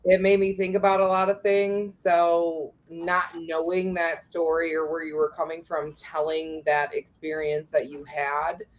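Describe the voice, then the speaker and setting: A woman chatting casually as a guest, feeling her way through each thought with pauses and fillers. Her voice is low for a woman and her pace is slow. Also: little pitch movement, slight background noise. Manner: hesitant, searching for words. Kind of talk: casual chat.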